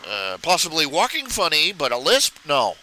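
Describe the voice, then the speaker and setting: A man's voice: a little high, wildly swooping pitch, normal speed, pushed and bright, a little hiss or hum, poor audio. A man chatting casually on stream while he draws, rambling and stammering through his jokes. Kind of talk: casual chat while drawing.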